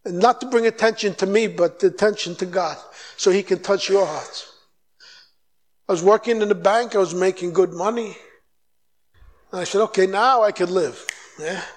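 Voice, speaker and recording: Guy with a pretty high voice preaching hard, acting out little back and forths. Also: normal speed, long pauses. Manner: exhorting, animated, mimics dialogue. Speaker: guest preacher. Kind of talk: sermon.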